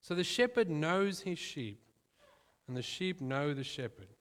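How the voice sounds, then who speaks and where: A man with a fairly high voice delivers a sermon in a church, speaking to his listeners as friends. He keeps it conversational and slows down to stress his points. The sound rings with the long reverb of a large hall. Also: big pitch swings. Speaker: preacher.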